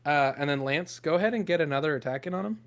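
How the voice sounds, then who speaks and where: A man's voice: a little high, fast. A man running a tabletop game as game master, narrating loosely with fillers and laughter.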